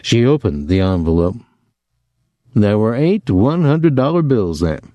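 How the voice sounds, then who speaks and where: A male audiobook narrator reads in a measured yet expressive way, his fairly low voice rising and falling widely. The recording is dry and close, with no room sound. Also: dry recording.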